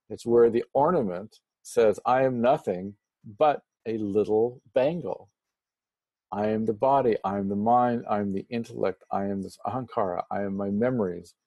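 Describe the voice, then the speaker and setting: Mellow-voiced man teaching spiritual philosophy. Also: medium pitch, no echo. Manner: slow, deliberate explanations with playful humor. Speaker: Vedanta teacher. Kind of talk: spiritual lecture explaining Sanskrit terms.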